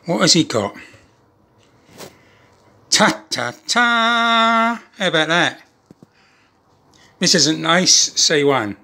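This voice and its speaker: A chatty man with a fairly high voice talks casually to camera as a model railway hobbyist. He spins jokey, rambling stories and keeps the tone light. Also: lively intonation, measured pace, pauses often, bright, forceful tone, husky. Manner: chatty joking storyteller.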